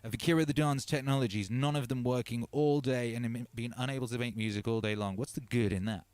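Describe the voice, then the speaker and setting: A man's voice: mid-range voice, steady tone, fast talker, darkish tone, dry recording. A man hosting a casual livestream, rambling and self-mocking with lots of fillers and restarts, reading viewer comments aloud and calling viewers brother and sister. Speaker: livestream host and music producer.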